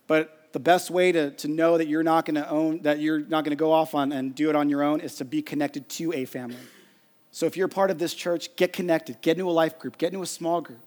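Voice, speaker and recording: A man's voice: fairly high pitch, fairly even intonation, brisk, darkish tone. A man, a pastor, giving an earnest sermon and telling a family story with quoted dialogue.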